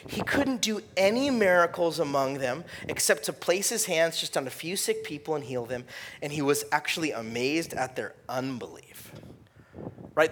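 A man's voice: on the high side, a bit bright, a little hiss or hum. A young adult man preaching a sermon in a casual, conversational way, with lots of fillers. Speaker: pastor.

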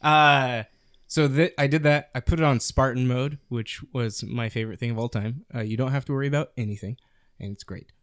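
A young man casually chatting about video games as a podcast co-host, rambling and animated with lots of fillers. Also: medium pitch, fairly quick, smooth, dry recording, studio quality.

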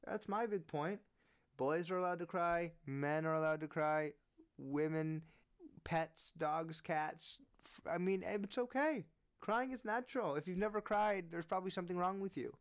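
A man giving earnest, animated opinion commentary on sports, rising in pitch when he presses his point. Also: a little slow.

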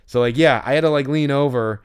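Rambling man with a smooth voice. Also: mid-range voice, fairly quick. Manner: rambling, many fillers and restarts; acts out exasperated yelling when quoting himself. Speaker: podcast co-host. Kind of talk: casual chat.

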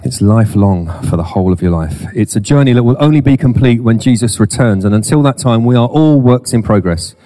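A man's voice: medium pitch, animated, brisk, few pauses, mellow. A middle-aged man preaching a sermon in church, with humorous self-deprecating asides. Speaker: pastor.

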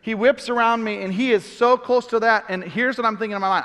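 A middle-aged man preaching, telling a story with lively acted-out outbursts. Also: high voice, quick pace, long reverb tail. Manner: animated storyteller, acts out shouts. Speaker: pastor. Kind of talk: sermon storytelling.

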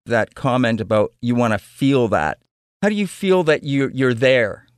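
Gravelly-voiced radio host. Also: male voice, medium pitch, lively intonation, dry recording, studio quality. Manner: measured, reads station announcements. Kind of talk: radio interview hosting.

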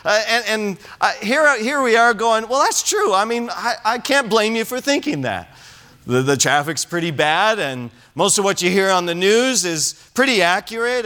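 A man from California preaching a sermon in a church, animated and humorous, often restarting his sentences. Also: sits high, smooth. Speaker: pastor. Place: church sanctuary.

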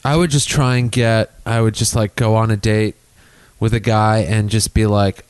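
A man's voice: lowish voice, flat delivery, normal speed, darkish tone, smooth, no room sound. A man co-hosting a comedy podcast, riffing in casual chat, swearing freely and acting out bits. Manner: riffing, profane, acts out bits. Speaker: podcast co-host.

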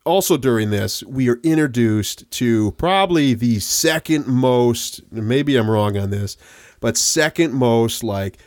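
A man's voice: mid-range voice, animated, measured pace, darkish tone, dry recording, clean studio sound. A man co-hosting a casual movie-recap podcast, laid-back and slangy, laughing often. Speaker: podcast co-host. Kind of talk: casual chat.

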